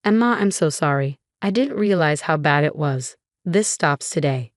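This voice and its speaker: A woman's voice: low voice, lively intonation, normal speed, no echo, studio quality. A woman reading the lines of a kind, protective young husband who speaks earnestly and firmly. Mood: caring.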